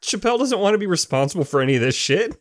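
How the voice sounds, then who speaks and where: A man with a slightly raised pitch chats casually on a podcast. He jokes, swears freely and laughs along with his co-host. His delivery stays loose and conversational. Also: sing-song, very fast. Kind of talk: casual chat.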